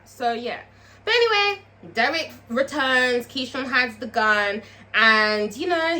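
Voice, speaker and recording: A woman chats through a TV episode recap in a loose, profane, animated way, addressing her viewers directly. Her voice is bright and crisp. It sits a little higher than most women's voices. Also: normal speed, slight background noise. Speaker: TV review vlogger.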